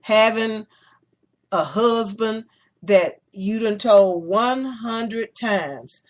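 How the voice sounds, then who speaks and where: A woman hosting a podcast in casual opinion-show style, talking bluntly and profanely and telling animated stories. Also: a little high, extremely slow. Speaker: podcast host. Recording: podcast recording.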